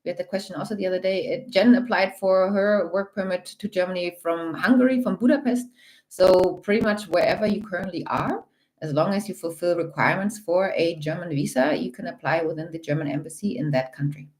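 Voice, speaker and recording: A woman's voice: on the low side, fairly quick, darkish tone. A woman co-hosting a casual livestream, explaining practical rules plainly and informally from a home setup. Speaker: livestream co-host.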